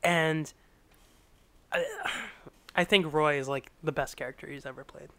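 Bright, giggly podcast host, man. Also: on the high side, measured pace, vocal fry, no room sound. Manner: giggly, animated retelling. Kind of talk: casual podcast chat.

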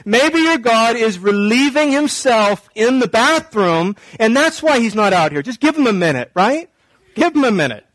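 A man playing a bold prophet who taunts his rivals with dry, playful sarcasm. The voice sits high, in a dead, close sound. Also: unhurried, fairly bright tone, dry recording, poor audio. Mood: mocking.

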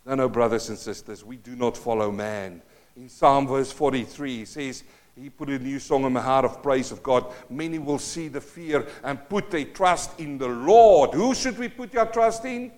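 Medium-pitched and speaking at a normal rate, the fifty-something pastor with a South African accent preaches with passion, alternating loud declarations with hushed remarks.

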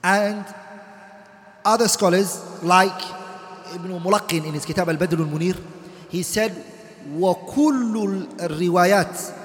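A man teaching a classroom lecture, reciting Arabic text quickly and then explaining it in English, putting questions to the class. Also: high-pitched. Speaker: teacher of Islamic law. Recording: echoey hall.

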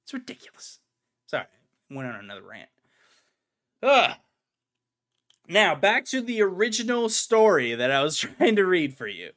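A man's voice: high voice, wildly swooping pitch, fairly quick, fairly bright tone. A young adult man hosting a podcast, chatting casually and ranting emphatically, repeating his points. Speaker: podcast host.

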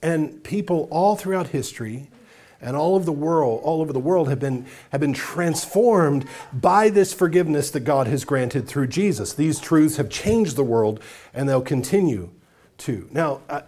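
A man's voice: on the high side, lively intonation, normal speed, dark tone. A male pastor delivers an emphatic sermon in a slightly raised register, building his points through long lists. He keeps turning to the congregation with direct questions, in an earnest, searching tone. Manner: speaks straight to the congregation with questions.

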